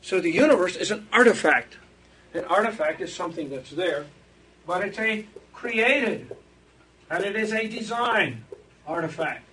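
A man's voice: sits high, fairly bright tone, breathy edge. A man giving an unscripted theology lecture, rambling and digressive, chuckling at his own asides.

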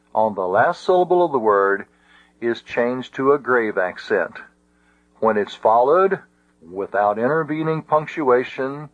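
Slow, deliberate male teacher, lo-fi. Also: mid-range voice. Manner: slow and deliberate, with frequent restarts and fillers. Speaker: Greek teacher. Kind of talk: classroom lecture. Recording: dull lo-fi audio.

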